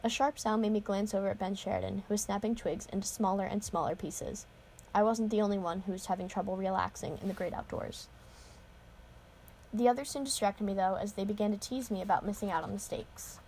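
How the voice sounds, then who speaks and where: A woman's voice: medium pitch, fairly even intonation, fairly quick, a little mellow, slight background noise. A woman reading a novel aloud in an informal way, with casual asides, occasional cursing and restarts. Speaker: reader.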